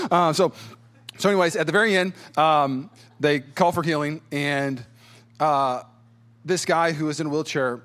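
Animated pastor, slightly high voice. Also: male voice, brisk. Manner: animated, acts out quotes in voices; chuckles as he talks. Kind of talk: storytelling sermon.

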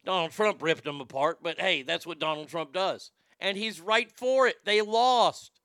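A man's voice: sits high, measured pace, fairly bright tone, smooth, no room sound, clean studio sound. A man hosting a talk show, brash and profane, riffing on clips and reading chat, often stammering into restarts. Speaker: show host. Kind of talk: casual commentary reading chat.

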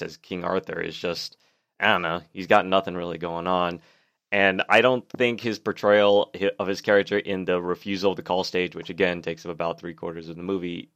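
A man giving a casual spoken movie review in a wry, rambling, unimpressed way with many pauses. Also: low-pitched, fairly bright tone, no room sound, clean studio sound.

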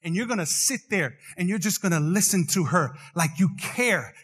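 A man's voice: high voice, lively intonation, normal speed, fairly bright tone. A man preaching a sermon, joking with the crowd and swinging into singsong rises. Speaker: pastor. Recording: long hall reverb.

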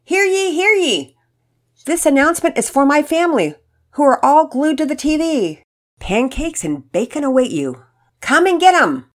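A woman's voice: fairly low pitch, very animated, normal speed, a little mellow. A woman voicing a cheerful motherly woman cooking breakfast, speaking in a bubbly, exclaiming way. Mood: announcing loudly.

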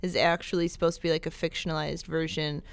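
A woman's voice: sits low, flat delivery, creaky, clear, resonant tone. Chatty woman co-hosting a movie podcast. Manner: chatty, quick to laugh. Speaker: podcast co-host. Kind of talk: casual movie chat.

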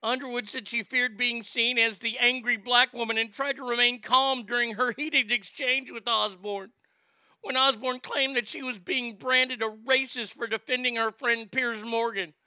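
A man's voice: extremely high pitch, fairly even intonation, moderate pace, bright, forceful tone, smooth, no room sound, clean studio sound. A man hosting a ranting commentary, sarcastic and incredulous, swearing freely. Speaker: commentary host.

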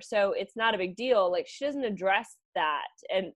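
A woman's voice: medium pitch, animated, normal speed. Woman reading listener letters on a podcast. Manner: reads listener letters aloud, then mulls it over with restarts. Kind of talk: casual comedic podcast chat.

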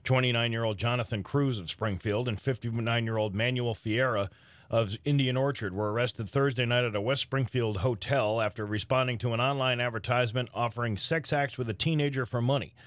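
A man co-hosting a morning radio show, reading news and telling jokes in a jokey, animated way. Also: mid-range voice, a little fast, no echo. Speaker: radio news reader and co-host. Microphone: studio microphone.

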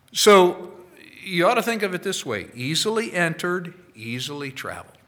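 A man preaching a sermon, slow and deliberate, with sudden loud emphatic bursts. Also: sits high, big pitch swings.

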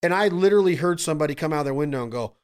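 Excitable, foul-mouthed man telling stories. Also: a little high, racing, smooth. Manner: excitable, profane, says "bro" and "dude". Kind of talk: casual chat, storytelling.

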